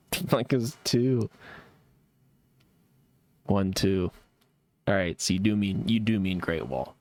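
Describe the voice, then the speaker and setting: A man's voice: fairly low pitch, slow pace, long pauses, a little mellow, slight background noise. A young man streaming a game live, chatting casually with a sarcastic, laid-back manner and frequent laughs while reacting to chat.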